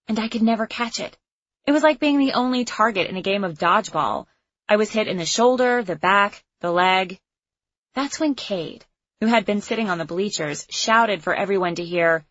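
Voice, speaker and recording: Woman reading a teen novel out loud, wry, dry and slightly muffled sound. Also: mid-range voice, no room sound. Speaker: audiobook narrator. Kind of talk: first-person audiobook narration.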